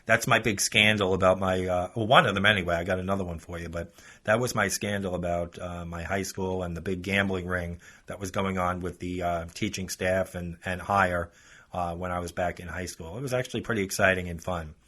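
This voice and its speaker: A man's voice: low-pitched, fairly even intonation, a little fast, sharp tone. A male podcast host telling a story in a chatty, casual way, talking straight to his listeners. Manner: chatty, addresses listeners as folks.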